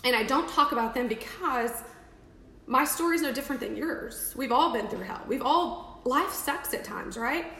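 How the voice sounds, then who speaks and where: A bright, forceful woman, talking casually on a live video. She rambles with restarts and emphatic asides, slightly high-pitched. The room is echoey, with a faint hiss behind her. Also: animated, normal speed. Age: 30s. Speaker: makeup seller on a live video. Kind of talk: casual live-stream talk.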